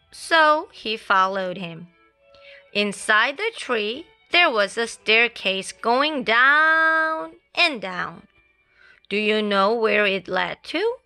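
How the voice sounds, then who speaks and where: A woman reading a children's picture book aloud, slow, expressive and lilting. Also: a little high. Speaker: storyteller. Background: soft classical music.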